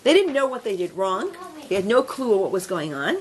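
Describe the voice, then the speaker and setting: A woman teaching a women's religious class, telling a story in an animated, chatty way with many fillers. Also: mid-range voice, moderate pace, background noise. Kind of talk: storytelling lesson.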